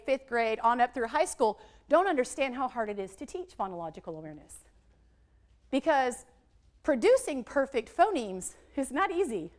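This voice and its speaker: High-voiced woman leading a teacher workshop. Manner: lively, modeling letter sounds to a room of teachers. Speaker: literacy trainer.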